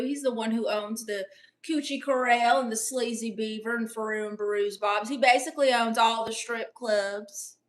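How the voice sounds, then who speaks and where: A woman's voice: on the high side, normal speed, fairly bright tone. A woman doing a comedic livestream in character, brash and playfully boastful as she reads out chat messages.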